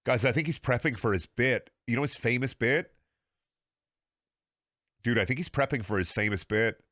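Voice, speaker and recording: A man streams a video game with casual commentary, sarcastic, rambling and profane, laughing often and repeating words. His mid-range voice is fairly bright, at a moderate pace, with no echo.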